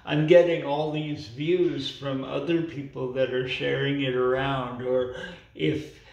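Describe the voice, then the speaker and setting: A man's voice: mid-range voice, flat delivery, slow pace, gravelly, darkish tone, dull audio. Slightly slurred guy with no teeth, defiant vlog rant, roomy echo, mic kinda far off. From Canada. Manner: indignant, defiant, repeats "you know" and "right". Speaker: vlogger. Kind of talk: casual vlog rant to camera.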